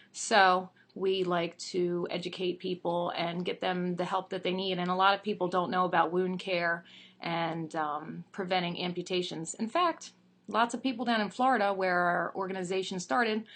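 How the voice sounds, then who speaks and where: Woman, thirties, bright voice, playful, chatty, storytelling. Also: lowish voice. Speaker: speaker telling a joke and introducing herself. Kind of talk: storytelling to an audience.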